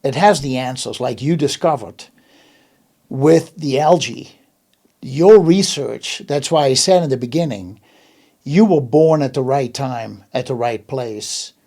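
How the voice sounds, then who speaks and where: A man's voice: mid-range voice, a little slow, mellow. A man hosting an interview in casual chat, emphatic and often restarting his words. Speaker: host.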